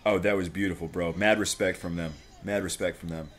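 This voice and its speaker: A young man from Florida, hosting a live fight watch-along, talking in an excitable, rambling way full of swearing. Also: deep voice, fairly quick. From Florida, USA. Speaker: livestream host.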